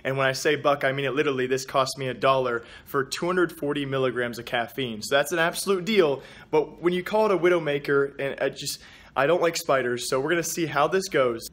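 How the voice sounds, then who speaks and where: A man's voice: medium pitch, a little fast, a bit bright. A young man vlogging casually to camera, upbeat and chatty, talking to his viewers as guys. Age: young adult. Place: at home, in a stairwell, at a gym.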